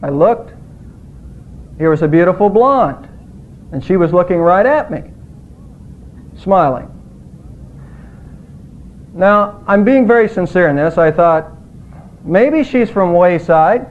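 High-voiced preaching man, tinny audio. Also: lively intonation, takes it slowly, pauses often, a little hiss or hum. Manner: earnest preaching, emphatic rises on quoted words. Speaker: pastor. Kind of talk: sermon.

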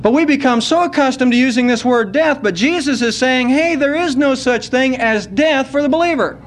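A man preaching a sermon at a church service, earnest and unhurried, slowing down to stress key words. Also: extremely high pitch. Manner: earnest, slows down to stress scripture.

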